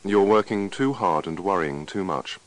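A man voicing a calm, firm male doctor in a scripted dialogue reading, giving reassuring, instructive advice. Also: sits low, moderate pace, dry recording, natural voice, low-quality recording.

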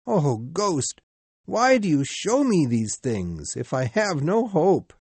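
A man's voice: medium pitch, big pitch swings, measured pace, darkish tone, slightly rough, no room sound, exaggerated voice. A man reading a storybook and voicing a frightened old miser who begs and cries out. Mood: anguished. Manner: pleading, rising to anguished cries.

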